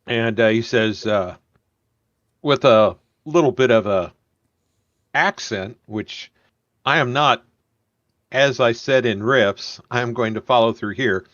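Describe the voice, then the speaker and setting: A man narrating as game master of a tabletop game, halting often with filler words. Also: medium pitch, fairly bright tone, dry recording, lo-fi sound.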